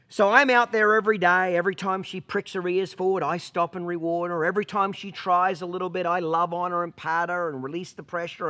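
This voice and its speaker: A man's voice: on the high side, pushed and bright. A man telling a story as a horse trainer, blunt and profane, punctuating points with rhetorical questions. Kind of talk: storytelling vlog.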